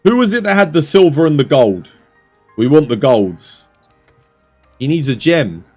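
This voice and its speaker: A man's voice: fairly high pitch, sing-song, unhurried, a little mellow, soft background music. A young Australian man casually chatting on a game stream, laid-back and chatty as he explains tips to viewers. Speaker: streamer and coach. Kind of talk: casual gameplay stream chat.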